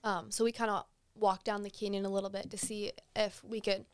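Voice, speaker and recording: Young woman on a podcast, smooth clear voice, chatty with lots of um's, dry close sound. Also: medium pitch, brisk, no room sound. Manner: easygoing, frequent fillers, animated when excited. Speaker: podcast guest. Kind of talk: casual storytelling.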